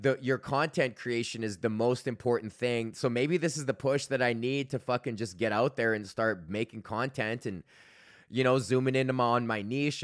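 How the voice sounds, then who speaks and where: A man's voice: medium pitch, a bit bright, no room sound, studio quality. A man in his thirties hosting a podcast, rambling in a casual solo rant with heavy swearing and many fillers. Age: 30s. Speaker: podcast host.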